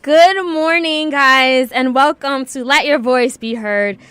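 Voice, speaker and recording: Woman radio host, high voice, bright tone, dry studio sound, chatty and earnest. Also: slow pace, smooth, no room sound. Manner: chatty, laughs easily, earnest on serious news. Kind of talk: casual radio talk.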